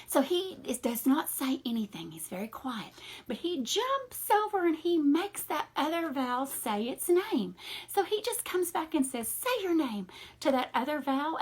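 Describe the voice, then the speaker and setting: A woman teaching a phonics lesson to young children in a slow, encouraging, sing-song teacher voice. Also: on the high side, slightly rough. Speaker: reading teacher.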